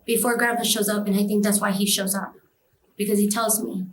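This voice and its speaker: A woman's voice: medium pitch, flat delivery, fairly quick, reverberant, slight background noise, poor audio. A woman telling a personal experience in an interview, emotional and vivid, acting out the voices of others. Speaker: interview guest.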